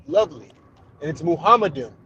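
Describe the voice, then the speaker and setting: A man's voice: a little high, expressive, brisk, lo-fi sound, noisy background. A man calling into a heated debate, insisting on his point, repeating himself and saying "brother" often.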